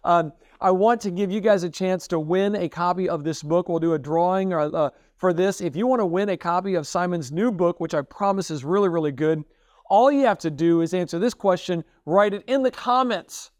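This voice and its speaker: Upbeat high-voiced man hosting a show. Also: brisk, no echo, clean studio sound. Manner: upbeat, repeats himself for emphasis. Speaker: podcast host.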